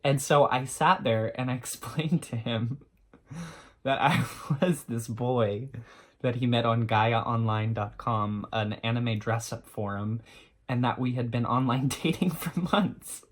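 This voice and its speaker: Animated, self-mocking young man vlogging. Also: mid-range voice, measured pace. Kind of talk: storytime vlog.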